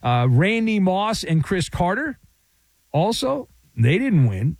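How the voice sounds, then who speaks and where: Male sports talk host, sarcastic and playful, very lively pitch swings, dry close mic. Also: slow, no room sound. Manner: wisecracking, sarcastic, playful riffs.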